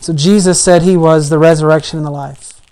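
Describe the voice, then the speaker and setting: A preacher giving a conversational sermon. They retell a story in plain, everyday words, using frequent "like" and "I mean", and get louder on the key points. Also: medium pitch, steady tone, a little fast.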